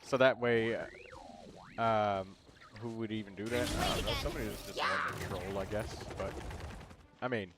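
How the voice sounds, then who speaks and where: A man hosting a game livestream in relaxed, rambling casual chat, with many fillers. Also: on the low side, moderate pace. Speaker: livestream host. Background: game music.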